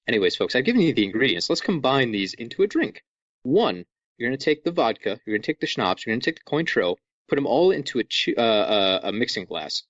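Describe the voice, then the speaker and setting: A man hosting a casual podcast, chatty and playful, fond of over-explaining. His pitch bounces around a lot as he talks. The close mic sounds dry and a little muffled. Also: fast, no room sound. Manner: jokey, animated, over-explaining. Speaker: podcast host.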